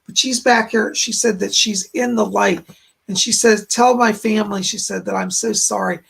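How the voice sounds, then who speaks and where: A man hosts live-stream psychic readings in a gravelly, husky voice that sounds worn out and hoarse. He passes on spirit messages in repeated "he said" phrasing. He thanks his viewers warmly and often. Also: high voice, fairly even intonation, moderate pace. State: hoarse, voice giving out. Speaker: psychic medium, stream host.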